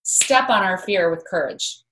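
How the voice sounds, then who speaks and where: A woman's voice: on the low side, animated, a little slow, a bit bright, a little hiss or hum. A woman guest in an interview, talking earnestly and telling a story, often repeating words as she starts a thought. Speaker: guest author. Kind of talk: interview conversation.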